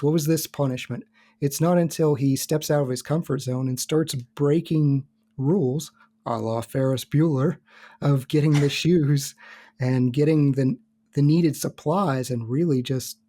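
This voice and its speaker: Mellow-voiced man explaining calmly. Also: medium pitch. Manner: measured, explanatory. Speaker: podcast guest. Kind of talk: casual podcast discussion.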